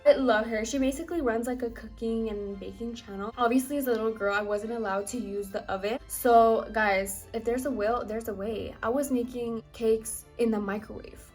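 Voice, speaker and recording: A woman in her twenties, a home baker, chatting to camera for her vlog in a bubbly, fast, gushing way. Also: fairly high pitch, faint music behind. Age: 20s. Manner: bubbly, talks fast and gushes. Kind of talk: casual chat to camera.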